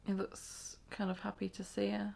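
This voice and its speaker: A woman's voice: mid-range voice, monotone, moderate pace, vocal fry, background noise. A woman hosting a reaction video, exclaiming, gasping and laughing as she comments casually.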